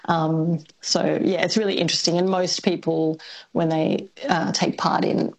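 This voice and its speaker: A woman academic is a guest on a radio talk show, explaining her field in a thoughtful, measured way. Her voice is low, husky and creaky, with a fairly flat melody. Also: poor audio. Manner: thoughtful and explanatory, with soft laughs and fillers. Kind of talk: radio interview.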